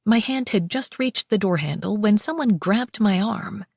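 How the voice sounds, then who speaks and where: A woman narrating a first-person romance audiobook in an expressive, wry way on a close mic. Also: mid-range voice, normal speed, creaky, slightly rough, no room sound.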